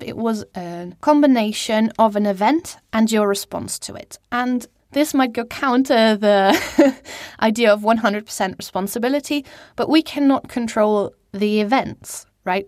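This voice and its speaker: A woman's voice: on the high side, dry recording, clean studio sound. A young woman hosting a solo podcast from a small cupboard at home, talking casually and teasing herself. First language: German. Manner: casual, self-mocking, laughs at herself. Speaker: podcast host. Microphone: studio microphone.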